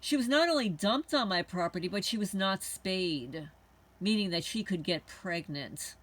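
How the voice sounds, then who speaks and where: A woman's voice: medium pitch, animated, normal speed, fairly bright tone. A woman hosting a homesteading channel, talking to camera in a heated, indignant monologue and swearing now and then. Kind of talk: rambling angry monologue to camera.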